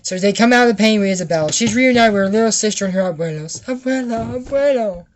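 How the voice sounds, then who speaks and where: A man's voice: high-pitched, very fast, a little hiss or hum. A young man giving a sarcastic, comedic recap of a cartoon episode and acting out the characters' lines.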